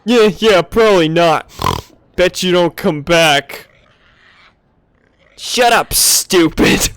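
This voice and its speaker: A man voicing gruff, boorish male alien hunters who talk in broken grammar and hurl childish insults. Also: high-pitched, takes it slowly, a bit bright, no echo. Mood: taunting.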